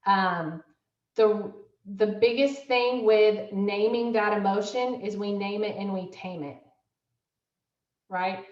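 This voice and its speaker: A woman's voice: medium pitch, slow, pauses often, a little mellow. A middle-aged woman, a school counseling director giving an online workshop to parents. She talks in a conversational way with many fillers and acts out parent-child dialogue. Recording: dull, roomy, distant laptop audio.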